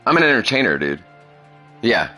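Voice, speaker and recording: A man's voice: fairly low pitch, very animated, normal speed, bright, forceful tone, soft background music. A young man streaming, chatting casually with a young viewer, crude and profane, rambling and laughing often. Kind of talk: casual chat.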